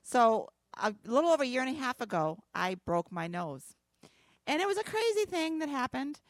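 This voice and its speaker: Woman, pastor, sermon, folksy storytelling, emphatic, high voice, dry recording. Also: sing-song, normal speed, dry recording.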